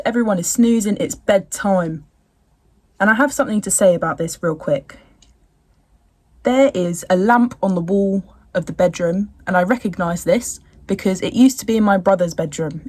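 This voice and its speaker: A woman's voice: medium pitch, moderate pace, dark tone, dry recording. A young woman in casual chat recapping a TV episode at home, rambling with slangy, jokey asides. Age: young adult.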